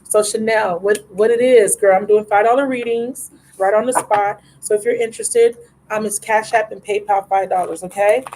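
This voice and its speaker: A woman's voice: mid-range voice, steady tone, moderate pace, a little mellow, rough recording. A woman hosting a live tarot reading stream in a casual, affectionate way, calling viewers baby and love.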